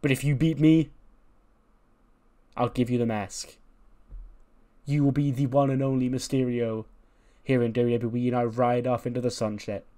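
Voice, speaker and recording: A man's voice: medium pitch, level tone, moderate pace, pauses often, dark tone, close to an everyday voice. A man voicing a veteran male wrestler, a stern father who speaks earnestly and with force to his son. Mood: challenging. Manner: earnest, pleading then challenging.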